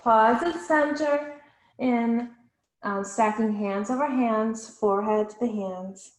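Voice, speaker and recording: A woman teaching a yoga class, giving slow and soothing cues with soft pauses. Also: a little high, roomy sound. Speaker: yoga instructor. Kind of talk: guided yoga class instruction.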